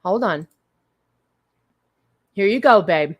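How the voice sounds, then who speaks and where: A woman hosting a casual livestream, talking straight to her viewers at an ordinary pitch. She is blunt and crude, jokes freely, and pours out thanks to her supporters. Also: animated, takes it slowly, husky. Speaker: livestream host.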